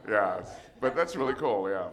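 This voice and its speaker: Low-voiced man telling lively stories. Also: normal speed, background noise. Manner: animated, laughing often while telling stories. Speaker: guest voice actor. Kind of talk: casual interview storytelling. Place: outdoor live show at an RV park.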